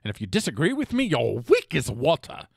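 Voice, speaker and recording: A man's voice: fairly high pitch, wildly swooping pitch, brisk, vocal fry, no room sound. A middle-aged man hosts a casual news commentary show, his voice swinging widely up and down as he reads headlines. He keeps cutting in with jokey, self-mocking asides, stumbling and restarting now and then. The sound is close and dry, with no room around it.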